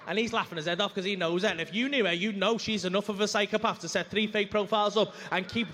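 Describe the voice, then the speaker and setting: A comedian rattles through a story at speed on a club stage, his voice pitched high and full of swearing. He jumps in and out of the voices of the people in his tale. A faint room hum and long reverb from the venue trail behind him. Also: quick pace, hardly any pauses. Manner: animated, sweary, acts out quoted voices. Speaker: stand-up comedian. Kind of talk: stand-up storytelling.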